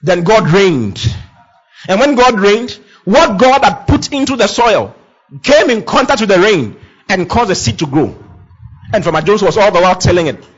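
A man preaching with a high, lively voice that swings from loud proclamations to hushed asides. His tone is husky, and he repeats his declarations for emphasis. The recording sounds dull and lo-fi. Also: normal speed. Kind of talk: sermon.

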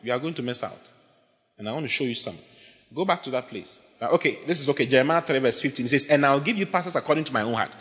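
A man preaching from the pulpit, his pitch leaping up and down as he shouts and jokes. His tone is bright and ringing, and a long reverb trails every phrase in the big church hall. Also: quick pace. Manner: animated, emphatic, often shouting and laughing. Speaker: pastor. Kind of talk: sermon.

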